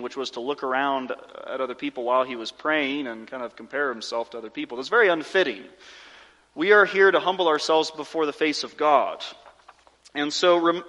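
A pastor preaching a sermon and then leading his congregation in a slow, measured confession prayer, speaking with earnest conviction. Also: a little high, sharp tone. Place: church sanctuary. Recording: long reverb of a large room.

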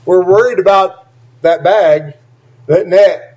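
Guy preaching a sermon, kinda high voice, reads verses then talks straight at you, dull old recording. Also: normal speed, a little mellow. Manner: reads scripture aloud and breaks in with plain, emphatic asides.

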